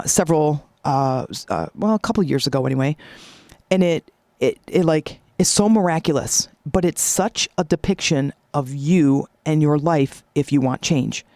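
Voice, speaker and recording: Woman, podcast host, motivational coaching, emphatic, mellow tone, dry close sound. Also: low-pitched, no echo.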